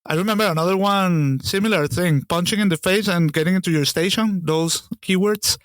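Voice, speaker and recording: A man's voice: high-pitched, a little fast, fairly bright tone, no room sound. A man co-hosting a podcast, telling a kitchen story in casual chat, swearing freely and sometimes hunting for the right word. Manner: swears freely, searches for words mid-sentence. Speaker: podcast co-host.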